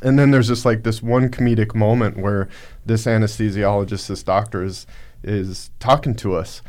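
A man on a podcast, recounting a personal story in a halting, reflective way with many fillers. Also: fairly low pitch, fairly even intonation, a little mellow. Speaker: podcast guest. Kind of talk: casual storytelling.

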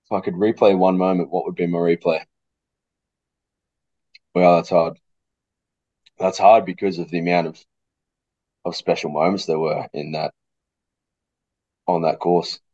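Deep-voiced Aussie male coach guest, dry close sound, thoughtful, coughing now and then. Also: steady tone, measured pace, pauses often, mellow, dry recording, dull audio. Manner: thoughtful, repeats words as he thinks. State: coughing fit. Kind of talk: casual interview chat.

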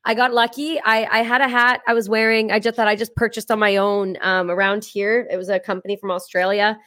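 A woman in her thirties, a podcast guest, talking in a blunt, profane and energetic way in a casual interview. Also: mid-range voice, brisk, dry recording, clean studio sound.

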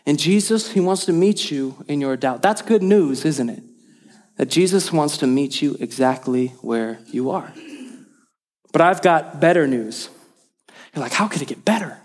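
A man's voice: on the high side, lively intonation, measured pace, darkish tone. A male pastor preaching a sermon, earnest and repeating key phrases for emphasis, with light joking asides.

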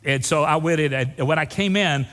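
Older preacher guy, folksy, kinda high voice, long churchy reverb. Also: moderate pace. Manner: folksy, animated preaching with questions to the congregation. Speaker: pastor. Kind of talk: sermon. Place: church sanctuary.

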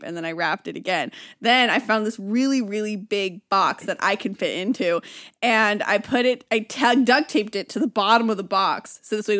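A young woman co-hosting a casual chat, an animated storyteller who laughs often. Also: mid-range voice. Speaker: co-host.

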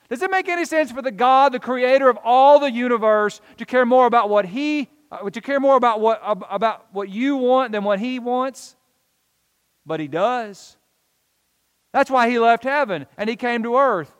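A man's voice: very high-pitched, smooth, big-room sound. A male pastor preaching a sermon in an earnest, emphatic way, repeating key phrases.

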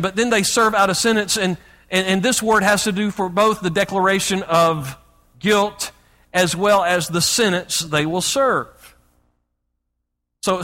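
A man's voice: high-pitched, bright, forceful tone. A pastor preaching a sermon emphatically, often restarting his words. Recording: long hall reverb.

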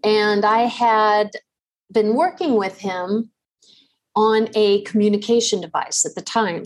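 Slow-talking woman telling a story. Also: mid-range voice. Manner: slow, conversational, warm-hearted storytelling with fillers. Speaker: podcast host. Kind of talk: personal storytelling.

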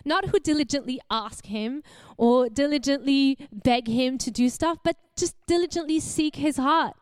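A young Australian woman preaching a sermon in a lively, conversational way, asking her listeners questions and laughing easily. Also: sits high, normal speed, dry recording. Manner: warm, animated, laughs often, asks the audience questions.

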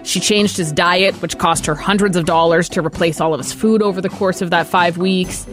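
A woman's voice: fairly low pitch, steady tone, moderate pace, faint music behind. Chatty woman telling a radio story. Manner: chatty storyteller with fillers and laughs. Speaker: radio co-host. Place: radio studio.

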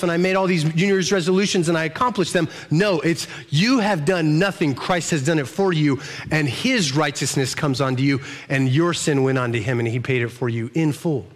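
Conversational man preaching a sermon. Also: on the high side. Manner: conversational, repeats words and restarts, animated storytelling. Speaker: pastor.

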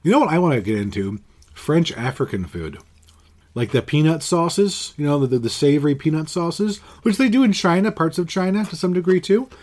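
A man's voice: a little high, lively intonation, a little fast, darkish tone. Middle-aged man, podcast host, casual and jokey, rambles a bit, voice rising and falling a lot. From Canada. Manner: jokey, rambling, laughs easily. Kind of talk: casual chat.

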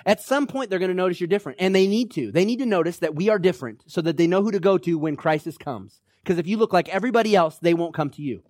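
Animated, high-voiced male preacher. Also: fast, few pauses, dry recording. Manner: emphatic, exhorting, rallying with "come on now". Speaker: pastor. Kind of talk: sermon.

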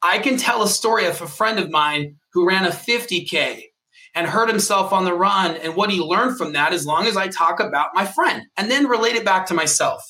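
A man co-hosts a podcast and coaches his listeners with emphatic, punchy conviction. His voice sits a little high and rings very bright. His delivery is forceful and motivational. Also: lively intonation, normal speed. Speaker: podcast co-host and mortgage coach.

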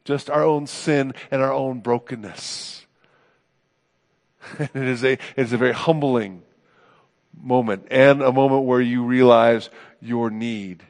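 A man's voice: medium pitch, fairly even intonation, slow pace, creaky, long pauses. Man preaching in a reverberant hall. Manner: earnest preaching with rising emphasis and soft trailing phrases. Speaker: pastor. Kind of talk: sermon.

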